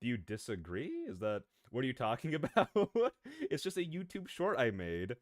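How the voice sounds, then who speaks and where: A man streaming as a VTuber, chatting casually with his viewers in an excitable, rambling way, drifting off on tangents and laughing often. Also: mid-range voice, normal speed, no room sound, studio quality. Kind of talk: casual live-stream chat, answering viewers.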